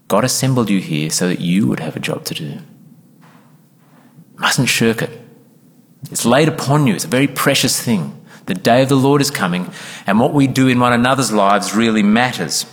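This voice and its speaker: Man, pastor preaching, earnest, emphatic, mid-pitched voice, reverberant church hall. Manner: earnest and emphatic, acts out congregation members in quoted asides. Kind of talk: sermon.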